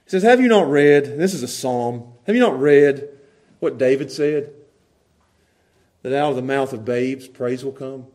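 A man preaching a sermon, animated, moving between quiet asides and loud, laughing bursts. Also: mid-range voice, a little slow, long pauses. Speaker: pastor.

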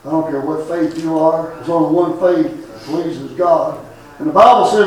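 A man preaching a funeral sermon, loud and fervent, with drawn-out lines. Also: on the high side. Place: church or funeral hall. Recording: echoey room from far off.

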